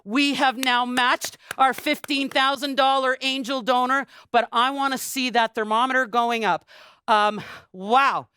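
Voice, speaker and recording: A woman hosting a charity auction, giving an exuberant, booming fundraising pitch with playful asides. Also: fairly even intonation, a little slow, bright, forceful tone, smooth, no room sound. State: a little out of breath. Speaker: charity auctioneer and event host.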